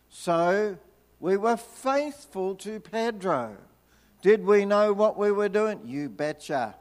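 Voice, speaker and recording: An older man, from Tasmania, preaching a storytelling sermon with chatty, humorous asides. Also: sits high. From Tasmania, Australia. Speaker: visiting preacher. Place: church hall. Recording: long reverb of a hall.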